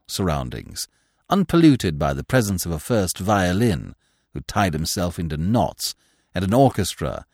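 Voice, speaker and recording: A man narrating a classic story as an audiobook, with an expressive, wry storytelling delivery. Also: low voice, no echo, studio quality.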